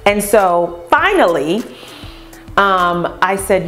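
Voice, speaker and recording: Animated lady owner of a beauty brand telling stories, swings her pitch a lot, doing the voices. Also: moderate pace, faint music behind. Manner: animated, acts out customers' voices. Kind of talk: storytelling vlog.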